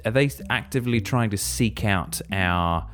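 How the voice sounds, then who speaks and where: A man co-hosting a podcast in casual chat, enthusiastic and speculative as he thinks out loud. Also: fairly low pitch, a little slow, soft background music. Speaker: podcast co-host.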